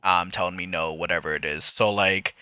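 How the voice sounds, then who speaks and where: Very deep-voiced man, bright and dry. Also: brisk, smooth, no room sound. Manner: relaxed, rambling, acts out his family in quotes. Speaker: podcast co-host. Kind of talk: casual chat.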